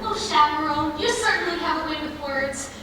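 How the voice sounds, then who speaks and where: A woman's voice: high-pitched, normal speed, background noise, lightly acted. A young woman playing a glamorous showgirl bride in a school stage musical, theatrical and exclamatory. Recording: echoey hall from far off, music behind.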